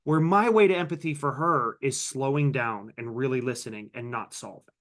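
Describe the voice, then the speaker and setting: With a mid-range, fairly bright voice at normal speed, a man runs a live online workshop over video call. He stays cheerful and chatty, calling out attendees by the names in the chat and sharing stories from his own life.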